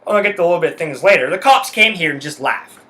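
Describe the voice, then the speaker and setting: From his house, a podcast host from Canada tears through a heated solo rant, cursing constantly as he tells his story. He speaks fast and expressively in a bright, forceful voice that sits a little high.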